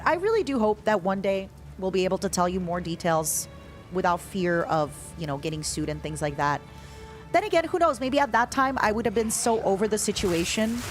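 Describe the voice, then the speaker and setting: A woman streamer talking in a candid, confiding and halting way as she chats live while gaming. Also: on the low side.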